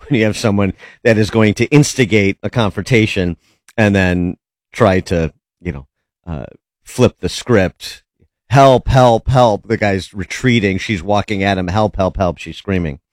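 A man hosting a talk radio show, wry and measured, with a few hesitant fillers. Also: low-pitched, no echo, clean studio sound. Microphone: studio mic.

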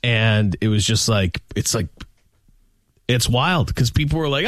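A man's voice: mid-range voice, animated, a little slow, no room sound, clean studio sound. A man co-hosting a radio show, joking and rambling through casual banter. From Canada. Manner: joking, rambling, trails off and restarts. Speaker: radio co-host.

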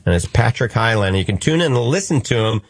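A man's voice: medium pitch, lively intonation, fast talker, no room sound. A man with a New Orleans accent hosting a call-in radio show, upbeat and preachy, joking with callers. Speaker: radio host.

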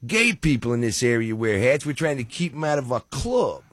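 A man voicing a surly, bossy male nightclub bouncer who talks in a curt, rushed way. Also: medium pitch, big pitch swings, fairly bright tone, dry recording, studio quality.

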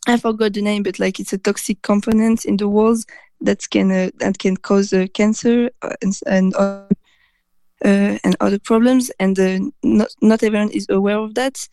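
A young woman interviewed as a protester, speaking hesitantly with many pauses and restarts. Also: medium pitch, fairly even intonation, dark tone, dry recording.

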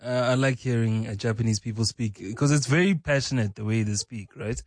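A man's voice: medium pitch, brisk, no echo, clean studio sound. A man on a radio show team, chatting casually and a little hesitantly. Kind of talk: casual studio chat.

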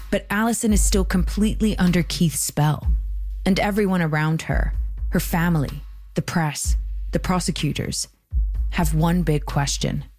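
A woman hosting and narrating a documentary podcast in a measured, scripted storytelling delivery. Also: low voice, darkish tone.

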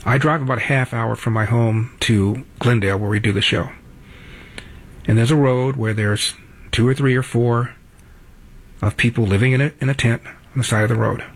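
A talk show host in his seventies, with a medium-pitched, slightly rough voice, delivers a blunt, opinionated monologue in a studio, repeating his points for emphasis.

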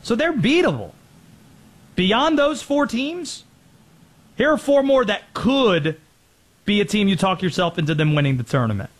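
High-voiced animated sports show man. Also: unhurried, long pauses. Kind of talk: sports commentary.

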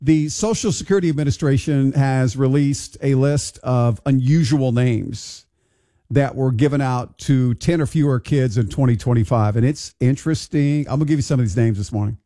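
A man's voice: mid-range voice, moderate pace, mellow. A man hosting a morning radio show, chatting casually and wondering aloud in a bemused, conversational way. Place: radio studio.

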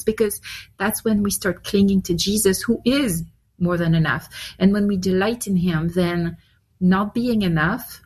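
Woman guest on a radio interview, slightly husky, earnest. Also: medium pitch, darkish tone. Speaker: Bible teacher, guest.

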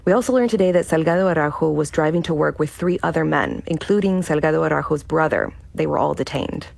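Low, gravelly-voiced woman reporter. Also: lively intonation, darkish tone, no echo. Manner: measured, factual delivery. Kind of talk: news report.

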